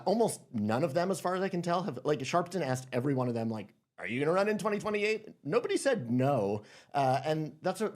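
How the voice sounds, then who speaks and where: A man's voice: mid-range voice, a little mellow. A man co-hosting a podcast, talking in rambling, sarcastic asides with many fillers. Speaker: podcast co-host. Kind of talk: casual chat.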